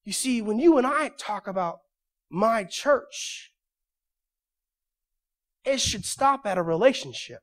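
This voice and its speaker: A male pastor delivering a sermon in a church, moving from quiet storytelling to loud, emphatic preaching. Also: sits high, lively intonation, slow pace, pauses often.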